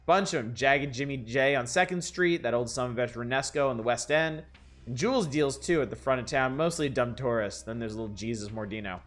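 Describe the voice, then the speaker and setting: A man voicing a blunt, bitter mobster son who speaks low and clipped while reading game dialogue aloud. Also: fairly quick, a bit bright, soft background music, natural voice. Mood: gruff.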